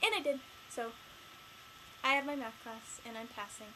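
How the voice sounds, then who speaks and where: A teenage girl chatting casually in a home vlog, rambling and excitable with lots of fillers. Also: a little high, normal speed, noisy background. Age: late teens. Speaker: vlogger.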